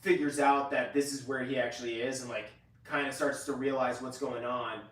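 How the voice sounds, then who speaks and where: A man's voice: mid-range voice, little pitch movement, moderate pace, far from the mic. A man with a mid-range voice recaps scenes in a loose, rambling way, full of fillers and the odd curse. He sits away from the mic in an echoey room. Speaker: podcast co-host. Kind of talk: casual review chat.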